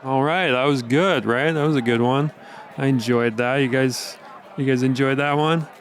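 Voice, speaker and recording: A man hosting a standup showcase, introducing the next act in a halting, rambling way full of fillers. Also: mid-range voice. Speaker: show host and emcee. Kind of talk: rambling emcee patter. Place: comedy club stage.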